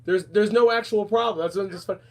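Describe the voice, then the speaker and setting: Animated man chatting casually. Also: high voice, fairly quick. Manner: animated, rambling, calls people darling and honey. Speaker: podcast host. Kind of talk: casual chat.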